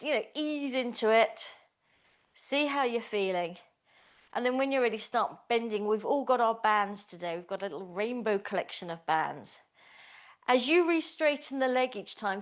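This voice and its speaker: A woman teaching a small Pilates class, giving encouraging, chatty cues. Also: mid-range voice. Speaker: pilates instructor. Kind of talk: live class instruction.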